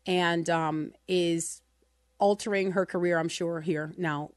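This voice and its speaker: A woman's voice: on the low side, fairly even intonation, slow, dry recording. Passionate woman radio host, dry sound. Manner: passionate, emotional, emphatic. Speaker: radio talk show host. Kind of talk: Christian radio talk.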